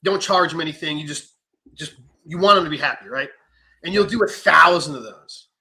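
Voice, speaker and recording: Animated, bright-voiced man telling stories. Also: on the high side, brisk, rough recording. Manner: animated storytelling with profanity and acted-out quotes. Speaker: knife maker. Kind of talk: casual podcast chat.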